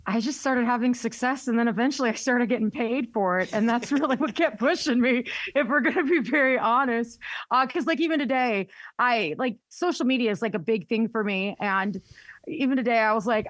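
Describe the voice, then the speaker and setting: A woman's voice: on the high side, a little fast, no echo. A woman radio host with a Southern accent, chatting candidly in an interview and laughing often. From North Carolina, US. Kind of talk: casual interview chat.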